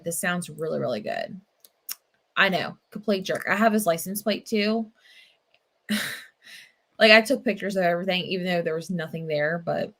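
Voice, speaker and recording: A young woman talks casually to her livestream viewers in a mid-range voice. She rambles with plenty of fillers and gets animated when she tells a story. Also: medium pitch. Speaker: livestream book-club host.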